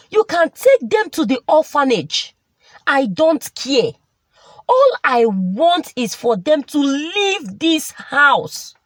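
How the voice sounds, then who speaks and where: A woman voicing a bitter newlywed woman who scolds and whines in a high, shrill voice. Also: no room sound, full character voice.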